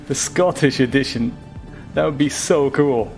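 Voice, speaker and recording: A man's voice: fairly high pitch, takes it slowly, darkish tone, soft background music. A man giving casual, rambling commentary while playing a game, chatting freely and laughing easily. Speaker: game streamer.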